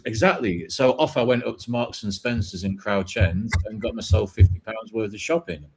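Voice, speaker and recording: A man's voice: on the low side, normal speed, background noise. A man with a British accent, a podcast co-host who tells a rambling story and swears casually. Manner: rambling, swears, hedges his claims.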